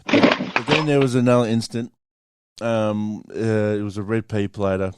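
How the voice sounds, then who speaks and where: Low-voiced Australian man telling a story. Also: fairly even intonation, measured pace, heavy background noise. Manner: swears often, laughs through his story. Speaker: podcast host. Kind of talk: casual storytelling chat.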